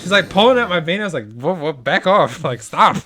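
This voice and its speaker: A young man in casual podcast chat, telling an animated story, acting out quoted lines and swearing freely. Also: fairly high pitch, a little fast, slight background noise. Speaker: podcast co-host.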